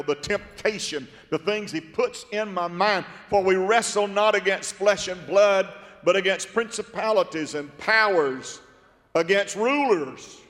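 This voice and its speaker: Brief: male pastor, high slow delivery, dramatic sermon in a reverberant hall. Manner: dramatic, swings from soft to shouting. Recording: long reverb from a big hall.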